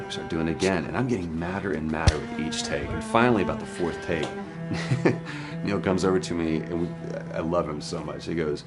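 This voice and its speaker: A man with a very deep voice tells an earnest, candid story as an interviewed actor. He is frank and a little wry. Music plays under him. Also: moderate pace. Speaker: actor interviewed about a role.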